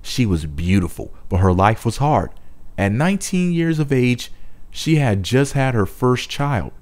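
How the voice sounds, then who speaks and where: A man with a fairly low voice reads a spooky tale aloud in a mock-dramatic way. He keeps breaking off for crude, joking asides. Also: darkish tone. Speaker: storyteller.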